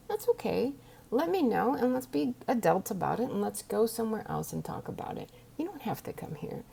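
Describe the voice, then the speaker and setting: Middle-aged woman, low gravelly voice, earnest diary vlog, near tears. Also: dark tone. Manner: earnest, emotional, direct address to viewers. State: close to tears. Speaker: vlogger. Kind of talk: personal video diary.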